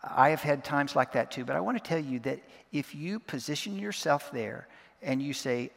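A man giving a sermon as a pastor, earnest, repeating verses slowly word by word. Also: fairly high pitch, vocal fry. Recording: long reverb of a large hall.

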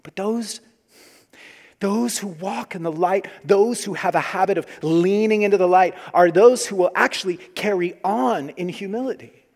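Earnest pastor preaching in a reverberant hall. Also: male voice, sits high, normal speed. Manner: earnest, swings between loud emphasis and quiet hushed asides. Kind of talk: sermon. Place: church sanctuary.

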